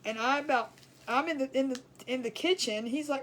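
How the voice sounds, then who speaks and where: A middle-aged woman, a craft show host, telling stories in a chatty, rambling, colloquial way that grows animated as she retells them. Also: high-pitched, a little fast. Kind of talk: casual storytelling chat.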